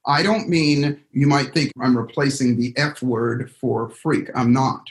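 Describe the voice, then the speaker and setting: A man coaching a group on a call, emphatic and lively, acting out the anxious voice in people's heads. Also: medium pitch, a little slow. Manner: emphatic, acts out inner voices, spells words out. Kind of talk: motivational coaching talk. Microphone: call audio.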